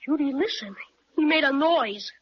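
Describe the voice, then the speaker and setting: Young boy, very high, bright and lively, bold, exclaiming, old radio serial, muffled recording. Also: moderate pace. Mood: eager. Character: eager, excitable young boy.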